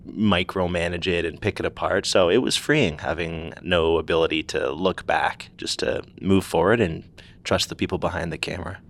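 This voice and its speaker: A male actor answering interview questions in a thoughtful, candid way. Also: low voice.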